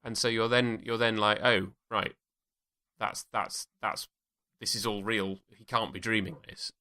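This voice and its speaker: A man's voice: on the low side, little pitch movement, normal speed, bright, forceful tone, clear, resonant tone. A man co-hosting a podcast, chatting casually about a TV episode with frequent restarts and laughs. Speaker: podcast co-host. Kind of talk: casual chat.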